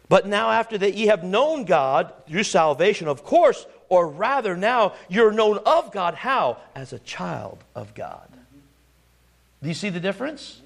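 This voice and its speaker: A man's voice: high voice, creaky. A middle-aged man preaching a sermon, quoting scripture and firing rhetorical questions at his congregation.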